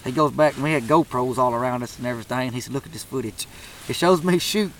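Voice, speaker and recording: A man's voice: medium pitch, fast talker, fairly bright tone, a little hiss or hum, low-quality recording. A man telling a turkey hunting story in a drawling, profane, laid-back way. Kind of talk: casual storytelling.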